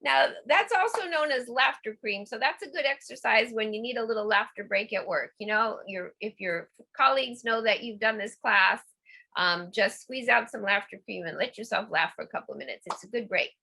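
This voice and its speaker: A middle-aged woman leading a laughter yoga class, coaxing and playful, breaking into deliberate laughs. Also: a little high, vocal fry, sharp tone, husky. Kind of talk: guided laughter exercise class.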